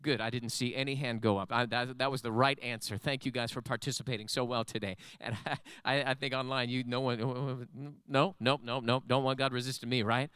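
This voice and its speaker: Bright, crisp-voiced male pastor preaching. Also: mid-range voice, fairly even intonation, brisk, few pauses, dry recording. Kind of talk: sermon. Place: church sanctuary with congregation.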